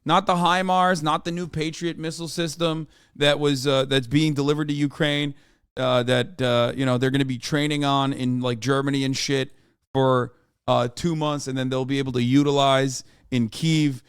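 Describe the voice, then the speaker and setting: Brief: American male streamer, smooth voice in a dry room, sarcastic and profane. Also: medium pitch, level tone, normal speed, dry recording. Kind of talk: casual livestream commentary.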